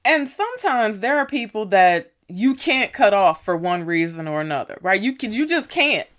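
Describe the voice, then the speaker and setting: A woman's voice: very animated, moderate pace, a bit bright. A woman telling a story casually in a vlog, chatty, with lots of "you know" and "right?". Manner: acts out dialogue with raised pitch when riled up. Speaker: vlogger.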